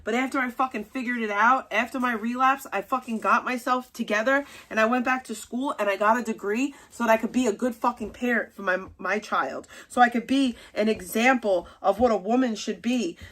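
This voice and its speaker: A woman's voice: on the high side, a little fast, hardly any pauses, a bit bright. A young adult woman hosting a livestream, ranting angrily at someone in a profane, scolding way. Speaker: livestream host.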